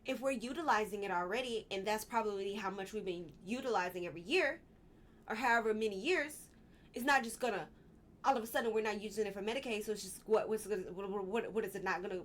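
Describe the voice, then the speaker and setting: A woman's voice: mid-range voice, a little fast, a bit bright, a little hiss or hum. A woman hosting a casual commentary vlog, exasperated and rambling, with frequent restarts and apologetic asides. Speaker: vlog host.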